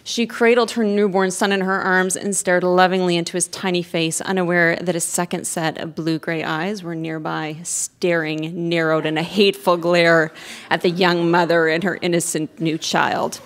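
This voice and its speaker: A woman with a lowish, fairly flat voice reads at normal speed from a melodramatic romance she wrote as a teenager, playing it for comedy. Her narration is wry and amused, and she slips playful asides in between passages.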